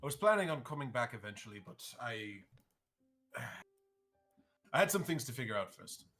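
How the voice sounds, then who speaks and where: Male player in character, hesitant, forceful bright tone. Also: medium pitch, big pitch swings, normal speed, faint music behind. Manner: hesitant, laughing. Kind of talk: playing a character in a tabletop game.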